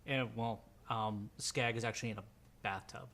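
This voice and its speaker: A man's voice: fairly low pitch, steady tone, moderate pace, fairly bright tone. A man narrating a tabletop role-playing game as game master, rambling and filling his descriptions with ums and restarts.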